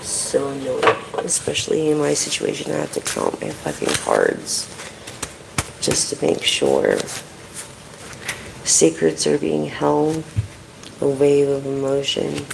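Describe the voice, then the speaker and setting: A card reader on a casual live stream, talking in a deeply gravelly, fry-heavy voice over faint background noise. The delivery rambles and swears at nearly every turn while chatting to viewers by name. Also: wildly swooping pitch, unhurried. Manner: profane, swears constantly. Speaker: tarot and oracle card reader.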